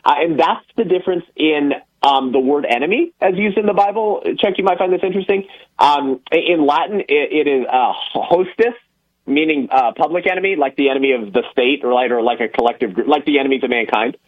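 Man, husky, phone-like thin sound, explanatory co-host. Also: fairly high pitch, quick pace. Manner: explanatory, quoting, many fillers. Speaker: ministry leader and co-host. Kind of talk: conversational talk show.

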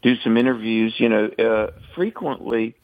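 A man from the American South with a Southern accent, a radio guest telling lively anecdotes. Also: mid-range voice, moderate pace, no echo, narrow, tinny audio. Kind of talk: storytelling on radio.

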